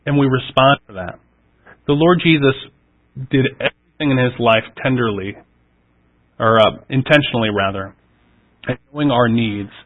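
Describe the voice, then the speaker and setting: Captured in narrow, tinny audio, a man of medium pitch reads a scripture passage and goes on to preach about it. He's earnest and thoughtful, stressing important words and then softening his voice.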